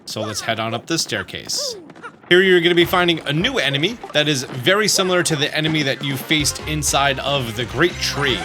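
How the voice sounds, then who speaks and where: A man's voice: fairly high pitch, big pitch swings, a little fast, over music. A man hosting a video game walkthrough, explaining steps in a casual manner.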